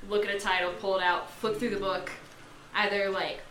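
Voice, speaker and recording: A woman's voice: mid-range voice, flat delivery, a little fast, a bit bright, slight background noise. A woman playing a tabletop game, asking eager, bubbly questions in character. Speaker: player. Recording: echoey room with group chatter.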